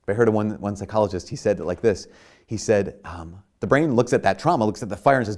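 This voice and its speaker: Low-voiced conversational priest preaching. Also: male voice, fast, darkish tone. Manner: conversational, frequent "like" and restarts; rises to emphatic bursts. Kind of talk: sermon.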